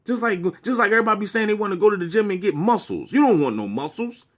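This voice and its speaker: A man's voice: sits high, expressive, fast. A man delivering a preachy, profanity-laced rant to his viewers as a vlogger. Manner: preachy, swearing, lecturing.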